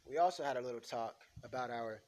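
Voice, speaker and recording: A man reading as a calm scheming crime boss. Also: medium pitch, fast, slight background noise, pitched below the performer's own voice, lightly acted.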